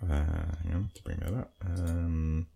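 A man's voice: deep voice, level tone, measured pace, vocal fry, mellow, breathy edge. A man co-hosting a casual podcast, rambling and self-deprecating and often trailing off. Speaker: podcast co-host.

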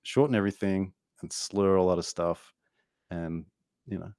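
Author guest, Australian man, 40s, very low voice, dry close sound, playful and animated. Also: normal speed, no room sound. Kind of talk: podcast conversation.

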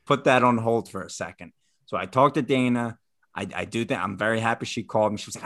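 A man co-hosting a podcast, telling a story in a casual, animated way and acting out the people in it. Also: fairly low pitch, fast talker. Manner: animated, acts out every voice. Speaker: podcast co-host.

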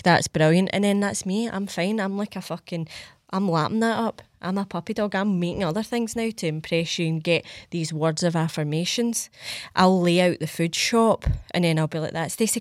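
A woman's voice: lowish voice, no echo, studio quality. A young Scottish woman hosting a podcast, chatting casually, swearing freely and acting out little scenes. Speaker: podcast host. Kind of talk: casual solo podcast chat.

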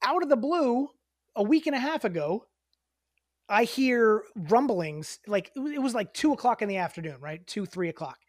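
A man co-hosting a casual podcast, telling stories in an animated way, swearing and rising in pitch when riled. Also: normal speed, dry recording, clean studio sound. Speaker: podcast co-host.

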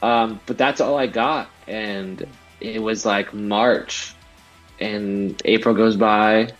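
Slangy, animated Southern California man. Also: lowish voice, takes it slowly. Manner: animated, slangy, acts out his own past lines. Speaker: guest, DJ. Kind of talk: casual storytelling chat. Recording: dull lo-fi podcast audio with faint music.

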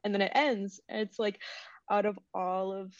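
A woman in her twenties in casual, reflective conversation, soft-spoken and quick to laugh. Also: mid-range voice, level tone, no echo. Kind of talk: casual chat. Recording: dry, slightly dull sound.

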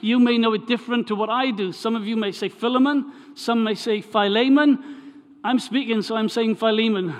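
A man's voice: very high voice, little pitch movement, quick pace, few pauses. A Welsh man preaching to a congregation, chatty and prone to restarting his phrases before reading scripture aloud. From Wales. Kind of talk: sermon introduction and scripture reading. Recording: long hall reverb.

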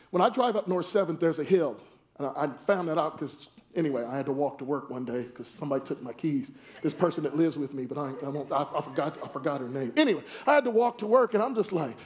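Man, pastor, sermon, high-pitched, animated, rhetorical questions, church, miked. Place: church sanctuary. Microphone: wears a microphone.

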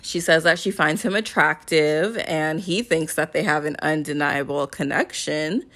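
A woman's voice: low voice, a little slow. A young woman recapping a reality dating show in a casual chat, laughing often and acting out what the people said. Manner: laughs often, quotes people in animated voices.

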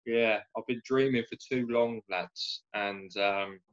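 A man's voice: on the low side, steady tone, slow. A man chatting casually on a football podcast, laid-back, sweary and self-mocking. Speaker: podcast guest, football fan. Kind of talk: casual chat. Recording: slightly dull lo-fi sound.

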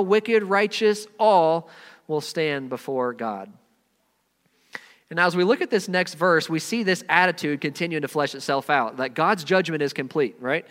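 A man preaching a sermon, earnest and emphatic, rising to loud stresses and dropping low and quiet. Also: long reverb tail. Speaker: pastor.

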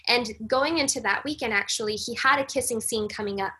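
A woman guest on a casual podcast chat, telling a personal story in an animated way and acting out the lines of others. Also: on the high side, fairly quick, slightly rough. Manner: animated storyteller, acts out quoted dialogue. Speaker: podcast guest, breathwork facilitator.

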